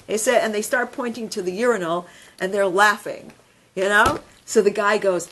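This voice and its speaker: A woman teaching a women's religious class, telling a story in an animated, chatty way with many fillers. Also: medium pitch, moderate pace, a little hiss or hum. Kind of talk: storytelling lesson.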